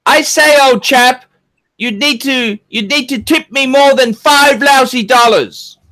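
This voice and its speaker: A man voicing a pompous upper-class English gentleman with haughty, drawn-out exclamations in a put-on posh English accent. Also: very high-pitched, voice pushed up, exaggerated voice. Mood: indignant.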